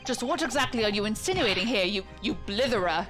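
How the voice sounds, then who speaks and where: A stuffy, blustering gentleman banker, put on by a woman reading a courtroom game aloud, sputtering with outrage in a lively, swooping voice. Game music plays behind him. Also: medium pitch, fast talker, natural voice. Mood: indignant. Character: stuffy posh male banker, indignant.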